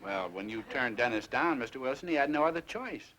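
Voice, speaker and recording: A man playing a calm, reasonable dad. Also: mid-range voice, brisk, slight background noise, lightly acted, low-quality recording. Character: calm, reasonable father of the boy. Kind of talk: 1960s sitcom acting.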